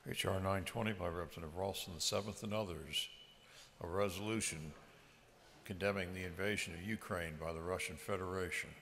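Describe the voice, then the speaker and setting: Clerk: deep, bright-edged man, rapid clipped reading, distant with faint hum. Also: gravelly. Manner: fast, clipped, monotone reading. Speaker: legislative clerk. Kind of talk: rapid formal reading of a caption. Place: large legislative chamber. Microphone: distant from the mic. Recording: distant voice with faint room ambience.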